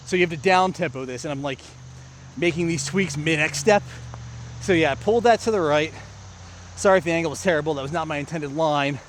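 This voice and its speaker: An American man casually narrates his disc golf round at an outdoor park course, chatting to viewers as he plays in a play-by-play vlog style. His voice sits a little high and he talks fast, with a slight hiss or hum in the audio.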